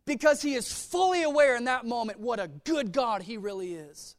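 A man preaching a sermon in a humorous, conversational way, dropping to soft, earnest tones. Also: very high-pitched, lively intonation, normal speed, no room sound, clean studio sound. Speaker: pastor.

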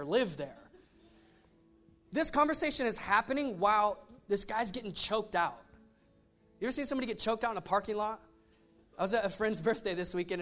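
Male pastor, high register, casual storytelling sermon, light music bed underneath. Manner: animated storytelling with voiced asides.

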